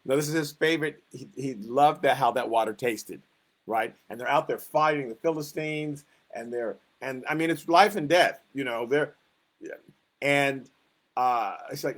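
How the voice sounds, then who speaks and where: A man's voice: mid-range voice, normal speed, fairly bright tone. A man teaching a Sunday school Bible lesson in a conversational way, acting out the quotes he tells with rising emphasis.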